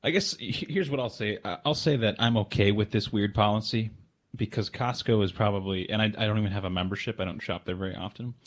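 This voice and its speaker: A man co-hosting a podcast in casual chat, making relaxed, dry asides. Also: on the low side, fast. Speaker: podcast co-host.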